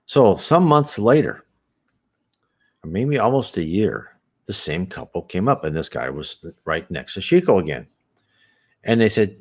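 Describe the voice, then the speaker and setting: A man's voice: sits low, sing-song, a little slow, pauses often. A man hosting a spiritist program, talking casually and rambling with many restarts. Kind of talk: casual spoken commentary.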